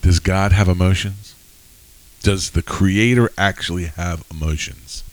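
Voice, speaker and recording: A man's voice: deep voice, steady tone, a little slow, poor audio. A man co-hosting a podcast Bible study, talking earnestly and personally with frequent restarts. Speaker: podcast co-host. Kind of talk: casual Bible study chat.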